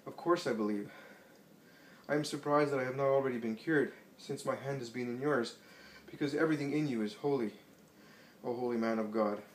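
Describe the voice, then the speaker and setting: A man's voice: mid-range voice, a little fast, close to an everyday voice. A man voicing a poor, ailing, heavy-set man who pleads breathlessly for healing, recorded in an echoey room from a distance. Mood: pleading. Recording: echoey room, distant mic, faint hiss.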